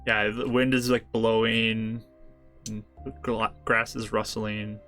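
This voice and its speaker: A man narrating as game master of a tabletop game, in a relaxed, easygoing way. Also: lowish voice, slow, soft background music.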